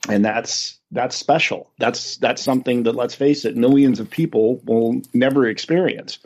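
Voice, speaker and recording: A man's voice: mid-range voice, normal speed, a little mellow, slightly rough. A man co-hosting a podcast in casual chat, laughing often and telling stories with animation. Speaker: podcast co-host.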